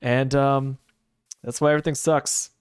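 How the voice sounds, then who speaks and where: A man's voice: mid-range voice, little pitch movement, moderate pace, clear, resonant tone, dry recording, clean studio sound. A sleepy man streaming a game, chatting casually with his viewers and making rambling, sarcastic asides. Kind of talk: casual chat while gaming, answering chat.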